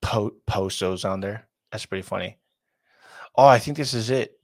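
A man's voice: fairly low pitch, moderate pace, darkish tone, no echo. A man hosting casual reaction commentary in a slangy way, with lots of fillers. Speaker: host.

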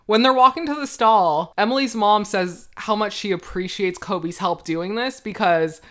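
A woman's voice: medium pitch, moderate pace. A young woman co-hosting a podcast, giving casual, indignant opinions on a reality show and laughing often. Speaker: podcast co-host.

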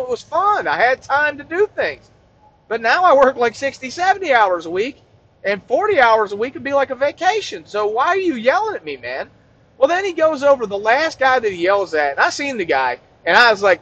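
Male comic, high lively voice, rambling and profane. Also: a little fast, highs cut off. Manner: rambling, profane, deadpan asides. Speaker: comedian. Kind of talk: comic rant.

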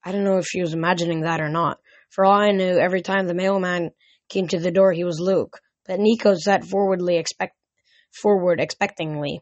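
A woman's voice: on the low side, fairly even intonation, brisk, no echo, highs cut off. A tired woman reading a novel aloud casually, with slips and restarts. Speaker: reader.

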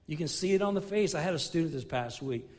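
This pastor, a middle-aged man, delivers an earnest sermon in a fast, expressive voice with a darkish tone. Repeated and restarted phrases build his emphasis, and his voice sinks low during stories.

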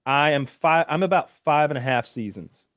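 A man's voice: fairly high pitch, expressive, normal speed, a bit bright, dry recording, studio quality. A man chatting casually as a podcast co-host, rambling with lots of fillers and some swearing. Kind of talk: casual chat.

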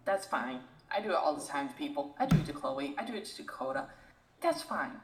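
Animated, lively-pitched woman ranting in echoey room. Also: fairly quick, very noisy. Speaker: podcast co-host. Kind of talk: casual podcast rant.

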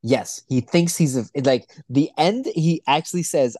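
Young male co-host, mellow voice, dry close sound, profane and rambling. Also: on the high side, measured pace, no echo. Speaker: podcast co-host. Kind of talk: casual chat.

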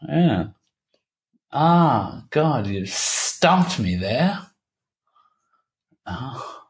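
A man in his thirties talking candidly as an interview guest, halting and repeating himself, swearing casually. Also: mid-range voice, very animated. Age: 30s. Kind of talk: candid personal conversation.

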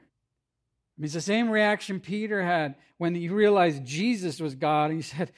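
A male pastor delivering a sermon in a relaxed, conversational way. His voice sits a little higher than most men's, and he breaks into playful asides and little acted-out quotes as he preaches. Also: unhurried.

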